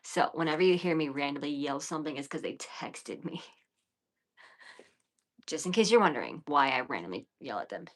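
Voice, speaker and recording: A woman in her thirties with a low voice, talking casually to her viewers on a late-night livestream. She is blunt and defiant and swears freely, and she often slips into whispers and quiet mutters between louder remarks. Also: lively intonation, normal speed. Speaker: livestream host.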